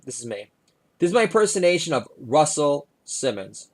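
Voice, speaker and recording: A man's voice: a little high, big pitch swings, normal speed. A middle-aged man, a comedian hosting his own podcast, delivering a rambling, sardonic monologue full of "uh"s. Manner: sardonic, filler-heavy delivery with frequent "uh".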